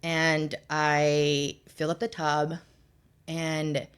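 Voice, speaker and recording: Young woman guest, slightly low-pitched, candid storyteller who says "like" a lot. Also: completely flat delivery, extremely slow, clear, resonant tone. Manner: candid, heavy use of "like" fillers. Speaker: podcast guest. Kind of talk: personal storytelling in conversation.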